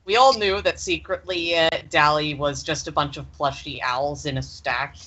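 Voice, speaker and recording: A woman's voice: deep voice, steady tone, moderate pace, sharp tone. A woman playing a tabletop game on a stream, making dry, punning jokes. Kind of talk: casual chat on a game stream.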